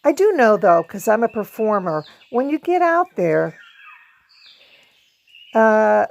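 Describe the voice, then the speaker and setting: Chatty woman with a gravelly voice. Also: medium pitch, lively intonation, a little slow, darkish tone. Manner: chatty, laughs often, hums song snippets. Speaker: video host; performer. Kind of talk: casual book review vlog.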